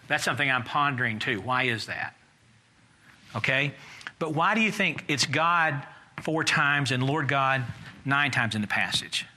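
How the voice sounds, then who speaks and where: A man's voice: medium pitch, animated, a little slow, sharp tone, slight background noise. A man leading a Bible study class, thinking aloud in a conversational way and putting questions to the group.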